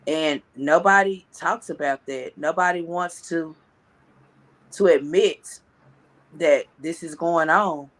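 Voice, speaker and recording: High bright voiced guy, talks slow and thoughtful, lots of uhs. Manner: reflective, halting, many fillers and restarts. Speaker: co-host. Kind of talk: casual commentary chat.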